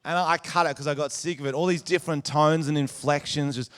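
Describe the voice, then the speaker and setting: An Australian man performing a stand-up comedy set on stage, telling crude stories with loud shouted impressions. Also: on the high side, fairly quick, hardly any pauses, smooth. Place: comedy venue stage before a live audience.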